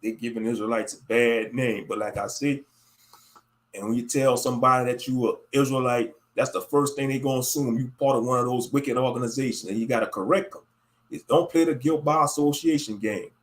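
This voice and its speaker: A man's voice: mid-range voice, brisk. A man hosting a casual livestream talk who speaks in a laid-back, slangy way and laughs often. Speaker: host.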